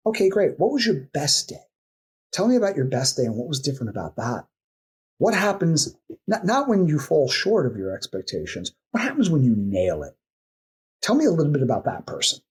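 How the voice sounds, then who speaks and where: A very husky, raspy man guesting on a podcast as a coaching expert. His pitch swings up and down a lot as he reels off chains of questions to a client, and he now and then acts out the client's answers. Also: huge pitch swings. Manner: teaching by firing off strings of coaching questions; acts out client replies in quick asides. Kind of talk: podcast interview explanation.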